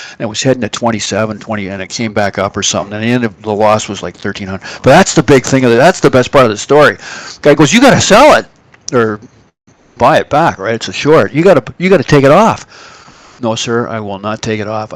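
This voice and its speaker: A man hosting a live trading stream and telling a story in a loose, casual way. He acts out the people he quotes with sudden jumps in pitch. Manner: animated, acts out quoted voices.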